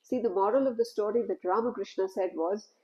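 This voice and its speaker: A woman telling a spiritual story in a gentle, unhurried, conversational way. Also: mid-range voice, muffled recording.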